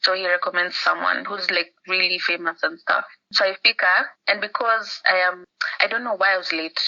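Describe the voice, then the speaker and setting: Very bright-voiced Kenyan woman on a call. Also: fairly low pitch, moderate pace, gravelly. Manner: animated storytelling, acting out the people she quotes; drops Swahili words into her talk. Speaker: podcast guest. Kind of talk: casual chat over a phone call. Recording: muffled phone-call audio.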